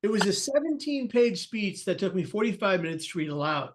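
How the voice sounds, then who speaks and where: Guy with a pretty high voice telling his story on a podcast, earnest, acts out everyone he quotes, restarts a lot. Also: very animated, fairly quick, noisy background. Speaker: podcast guest. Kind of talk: personal storytelling in an interview.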